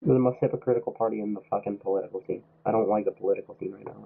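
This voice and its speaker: A man's voice: fairly low pitch, steady tone, racing, vocal fry. Heated, swearing young man on tinny audio. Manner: heated, swearing, mock-quoting others. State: sick. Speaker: streamer. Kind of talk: profane political rant while streaming a game.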